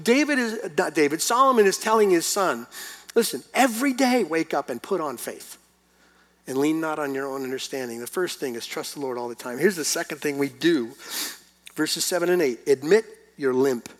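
A middle-aged male pastor preaching to his church in a fairly high voice. He moves from easy storytelling into emphatic, questioning preaching. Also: animated, normal speed, a bit bright. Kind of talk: sermon.

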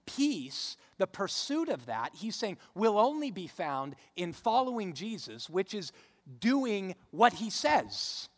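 A man's voice: sits high, sing-song, slow pace. A pastor in his thirties preaching a sermon, conversational and storytelling, pressing harder on key points. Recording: long hall reverb.

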